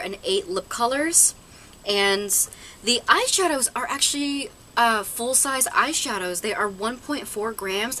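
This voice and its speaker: A woman's voice: medium pitch, sharp tone, slight background noise, rough recording. A woman doing a casual makeup haul review, chatty and hesitant, with lots of fillers and self-corrections. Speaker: beauty vlogger.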